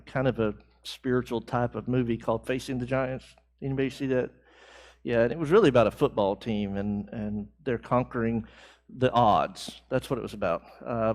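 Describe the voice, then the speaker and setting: A man leading a church Bible class, talking conversationally, asking the class questions and building emphasis on key phrases. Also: medium pitch. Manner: conversational, asks the class questions and answers back.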